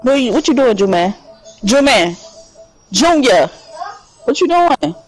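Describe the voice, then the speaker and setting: A man playing a shooter game with a friend, chatting casually, excitable and quick to protest and joke. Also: extremely high pitch, soft background music, low-quality recording. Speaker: gaming teammate. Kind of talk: casual gaming chat.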